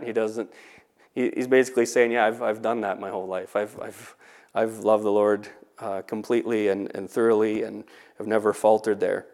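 A man's voice: on the low side, a little mellow. A man, a teacher, talking casually about faith, often restarting words and checking in with "right?". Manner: conversational, frequent "right?" and restarts.

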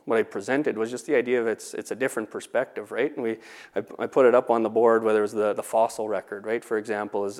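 Low flat-voiced man, chatty teacher. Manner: conversational, frequent "right?" and restarts. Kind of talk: casual talk on faith.

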